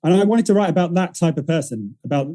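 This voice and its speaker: A man's voice: fairly high pitch, expressive, fast talker, warm tone, rough recording. A man, a writer-director guest on a podcast, telling a story in a rambling, self-correcting way and acting out the voices of the people he quotes. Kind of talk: casual podcast interview.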